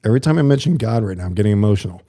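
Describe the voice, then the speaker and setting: Earnest low-voiced man livestreaming. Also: animated, rapid-fire, mellow. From USA. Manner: earnest, rambling, talks to chat viewers. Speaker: livestream host. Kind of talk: casual livestream monologue.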